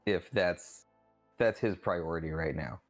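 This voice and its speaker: A man's voice: sits low, unhurried, faint music behind. A man casually playing a tabletop game, hesitant and chuckling as he describes his character. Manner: hesitant, chuckling, lots of fillers. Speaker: player.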